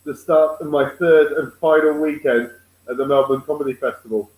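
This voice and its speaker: A man's voice: fairly high pitch, fairly even intonation, moderate pace, darkish tone, roomy sound, rough recording. A man co-hosting a comedy video chat, joking and rambling in a casual way. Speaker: comedian co-host. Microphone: video call.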